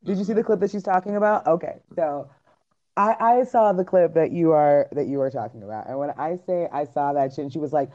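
Woman host, low mellow voice, blunt and profane, dull lo-fi sound. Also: fairly quick. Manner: blunt, profane, laughs often. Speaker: podcast host. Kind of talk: casual chat.

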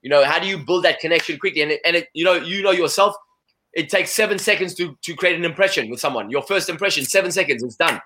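A man guesting on a conversational interview talks rapidly and animatedly in a bright, somewhat high voice. Like a seasoned salesman talking shop, he fills nearly every thought with "you know."

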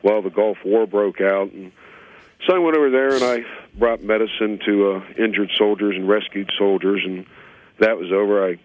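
A man's voice: fairly low pitch, fairly even intonation, moderate pace, narrow, tinny audio, close to an everyday voice. A man voicing a boastful male talking dog who rattles off tall tales in a matter-of-fact way, in a joke played from a radio show. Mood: bragging. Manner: rambling matter-of-fact bragging.

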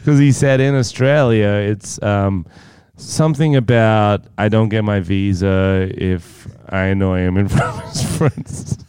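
A man voicing a young American woman, his girlfriend, in a slow, lilting, higher voice. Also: darkish tone, no room sound, clean studio sound, lightly acted. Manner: slow, lilting, breathy girly voice.

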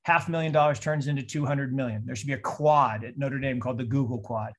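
A man in his sixties from Seattle, giving an animated talk on a call and telling stories in mock voices. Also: medium pitch, fast. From Seattle, USA. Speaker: investor speaker. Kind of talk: presentation on a call.

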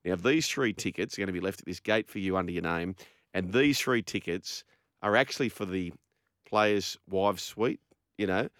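An Australian man hosting a sports radio show, telling stories in an animated, chatty way. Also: low-pitched, moderate pace, no echo, clean studio sound. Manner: animated storyteller, laughing. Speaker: radio host.

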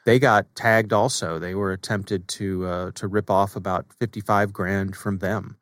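A man co-hosting a podcast, talking in a relaxed, conversational way with filler words. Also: low-pitched, a little slow, no room sound, studio quality. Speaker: podcast co-host. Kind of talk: casual chat.

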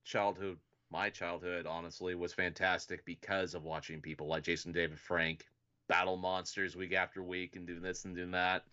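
A man's voice: deep voice, level tone, normal speed, sharp tone, dull audio. A man co-hosting a casual podcast, rambling and swearing with lots of fillers. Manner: rambling, profane, many fillers. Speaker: podcast co-host.

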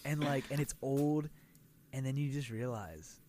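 A podcast co-host with a mid-range voice speaks at a measured pace while telling stories in casual chat. He's animated, laughs often, and exaggerates his storytelling.

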